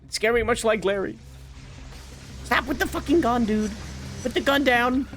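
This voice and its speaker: A man's voice: extremely high pitch, moderate pace, a bit bright. A man streaming a video game and commenting casually, full of crude jokes and self-mocking banter. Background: game music and gunfire.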